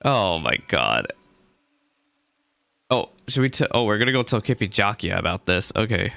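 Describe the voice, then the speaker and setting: A man's voice: lowish voice, very animated, moderate pace, creaky, long pauses, sharp tone, dry recording. A man chatting casually while playing through a game, reading quest lines aloud, laughing and joking as he goes. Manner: chatty, laughs often, swears mildly. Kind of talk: casual let's-play commentary.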